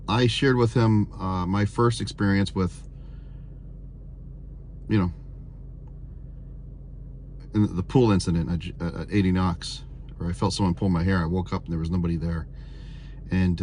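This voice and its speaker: Earnest low-voiced man in his fifties. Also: a little mellow, a little hiss or hum. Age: 50s. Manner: earnest, rambling, repeats himself with many fillers. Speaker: vlogger sharing testimonies. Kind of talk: personal testimony vlog.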